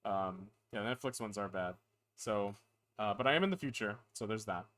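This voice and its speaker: A man's voice: on the low side, moderate pace, fairly bright tone. A tired man chatting casually on a live stream, rambling, playful and self-deprecating.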